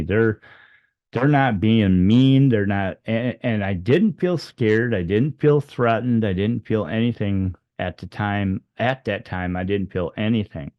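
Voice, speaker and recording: Slow, low-voiced man telling his story. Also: no room sound, highs cut off. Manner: rambling, full of fillers and restarts; acts out the dialogue with raised pitch for quoted lines. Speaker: storyteller recounting a near-death experience. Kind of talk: unscripted personal storytelling.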